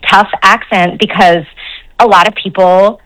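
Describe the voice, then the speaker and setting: A woman from Newfoundland with a Newfoundland accent, a dialect coach talking on a phone-in radio interview in a quick, chatty way. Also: mid-range voice, fairly even intonation, fairly bright tone, poor audio. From Newfoundland, Canada. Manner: chatty, quick, laughs often.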